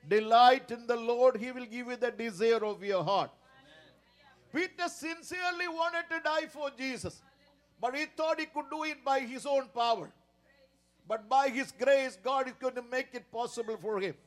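A man preaching a sermon in a slow, dramatic way, often repeating a stock praise phrase. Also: very high-pitched, fairly bright tone.

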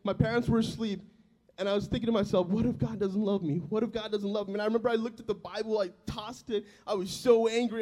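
A man in his twenties preaching a sermon, telling his own testimony in an earnest, emotional way that swells loud and drops soft. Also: high voice, fairly even intonation, fast talker. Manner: earnest and emotional, loudness rising and falling.

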